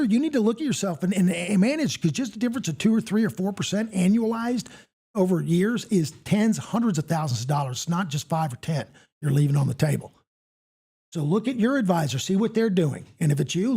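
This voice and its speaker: A man's voice: high voice, dark tone, husky. A man in his sixties hosting a finance podcast, rambling with frequent restarts and asides. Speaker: podcast host. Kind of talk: casual finance podcast talk.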